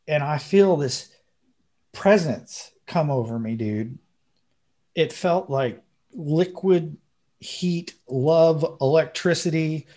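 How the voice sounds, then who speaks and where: A man hosting a podcast, telling a story in a casual, earnest and emotional way, dropping slang like bro and dude. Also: on the high side. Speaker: podcast host.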